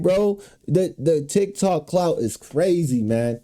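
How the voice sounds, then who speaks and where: A man's voice: sits high, animated, slow pace, warm tone. A man giving casual reaction commentary, talking loosely with lots of slang and filler. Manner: loose slangy talk, lots of "bro" and "you know what I'm saying". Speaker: commentary streamer.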